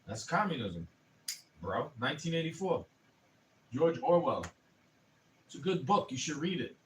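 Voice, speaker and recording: A man's voice: a little high, very animated, moderate pace, recorded from a distance, a little hiss or hum, low-quality recording. A man in his twenties, ranting profanely and heatedly in a casual livestream. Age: 20s. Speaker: streamer.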